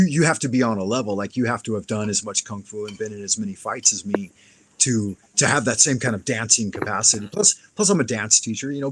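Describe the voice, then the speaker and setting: There's slight background noise behind this man's lowish voice. Hosting a live stream, he casually spins an animated, profane tale of a fight, acting out what each person said.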